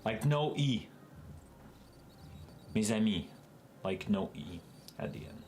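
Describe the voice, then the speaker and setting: A man with a Quebec French accent and a fairly low voice, a native French speaker, talks through his code with live-stream viewers in a casual, unhurried way. His pace is very slow and drawn out, and a faint noise sits under the voice. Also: very animated, a little mellow. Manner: talks to chat while working through code on screen. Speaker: software developer streaming live.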